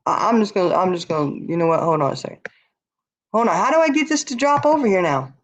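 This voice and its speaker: A woman's voice: medium pitch, fast. Blunt, tired woman streamer. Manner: blunt, animated, reads and answers chat. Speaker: livestream host. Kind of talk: casual livestream chat. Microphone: laptop or webcam.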